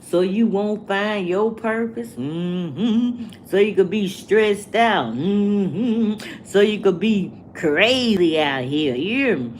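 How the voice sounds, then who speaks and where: A woman speaks in a casual livestream rant. She preaches slowly and deliberately, circling back to the same rhetorical questions. A faint background noise sits under her voice. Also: mid-range voice, lively intonation, darkish tone. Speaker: vlogger.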